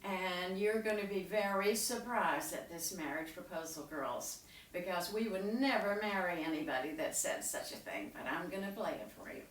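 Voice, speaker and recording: A woman storyteller telling a story to children in an animated way and leading them in sound effects, recorded from a distance in a roomy space. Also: fairly low pitch, normal speed, noisy background. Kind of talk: live storytelling with audience participation.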